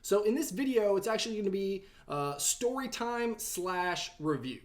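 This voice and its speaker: A young man hosting a tech review vlog, telling a story time review quickly and quoting himself in a raised voice. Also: high-pitched. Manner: animated, talks fast, quotes himself in a raised voice.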